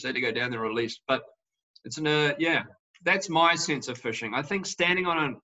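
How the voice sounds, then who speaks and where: Guy winemaker telling a fishing story and a joke, bright voice, muffled lo-fi call audio. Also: on the high side, a little fast. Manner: relaxed storyteller, laughs through his jokes. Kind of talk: casual chat on a video call. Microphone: video call.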